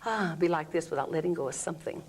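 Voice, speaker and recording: A woman's voice: deep voice, quick pace, a little mellow, breathy edge. A woman explaining an energy healing technique in an interview, demonstrating groans, sighs and vocal sounds as she talks. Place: room under studio lights.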